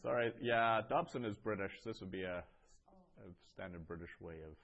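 A man teaching a language class, explaining patiently with pauses and restarts, reading phrases aloud. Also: deep voice, gravelly, a bit bright, highs cut off. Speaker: Greek teacher. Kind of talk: classroom lecture.

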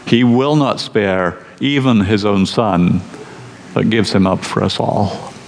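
A man preaching a sermon, teaching slowly and with emphasis in a measured delivery. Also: on the low side, vocal fry, long reverb tail, a little hiss or hum.

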